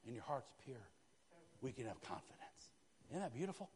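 A male pastor preaching a sermon with fervor, dropping to a hush and then rising to shouts, and calling out "Amen?" to his congregation. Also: fairly high pitch, lively intonation, normal speed, pauses often, big-room sound, a little hiss or hum. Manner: fervent, swinging from hushed to shouting. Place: church sanctuary.

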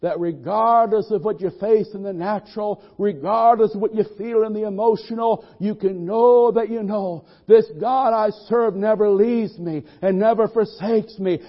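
A man delivers a fervent sermon in a church, asking the congregation for amens. His voice sits high for a man. The recording is dull and a little muffled. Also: fairly even intonation, normal speed, few pauses. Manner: fervent, call-and-response. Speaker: preacher.

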